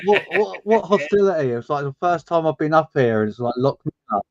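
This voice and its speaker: A British man chatting on a live voice call, wry and relaxed, often stumbling over his first words. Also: on the high side, brisk, no room sound. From Britain. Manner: wry, relaxed, stammers on starts. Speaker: panel guest. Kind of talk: casual banter. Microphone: online voice chat. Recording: slightly dull lo-fi voice-chat mic.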